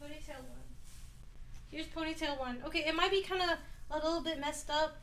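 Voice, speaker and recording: Very high-pitched giggly woman streamer. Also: steady tone, a little fast, a bit bright, distant mic, slight background noise. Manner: giggly, laughs constantly, rambling; busy with her hands while talking, distracted. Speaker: livestreamer reading chat. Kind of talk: casual livestream chat. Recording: voice a bit off-mic.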